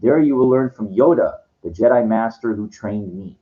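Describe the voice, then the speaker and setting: A man voicing a calm old male Jedi mentor, speaking in a solemn, instructing way. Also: on the low side, normal speed, natural voice. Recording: dull lo-fi sound.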